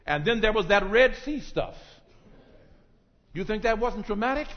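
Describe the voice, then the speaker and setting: A man preaching a sermon, dropping to low murmurs and rising to shouted climaxes, calling out to listeners in the pews. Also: expressive, moderate pace, pauses often. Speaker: pastor. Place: church sanctuary. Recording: dull echoing church recording.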